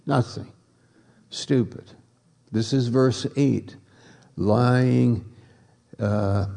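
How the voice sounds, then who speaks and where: A man preaching a sermon, slow and emphatic, repeating key words for effect. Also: fairly low pitch, vocal fry, warm tone, husky.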